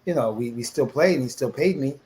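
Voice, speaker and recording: Animated New man telling his story. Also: mid-range voice, a little fast, a little hiss or hum, low-quality recording. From New York, USA. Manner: animated storyteller who acts out quoted voices. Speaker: interview guest. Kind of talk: casual storytelling interview.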